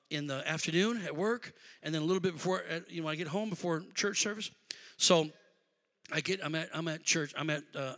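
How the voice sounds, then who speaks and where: A male pastor preaching a sermon, telling a story and swinging from quiet talk to shouting. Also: fairly high pitch.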